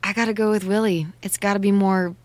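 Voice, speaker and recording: A woman's voice: mid-range voice, steady tone, fast talker, dry recording, natural voice. An actress playing a young woman on a weekend trip who laughs easily. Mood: playful.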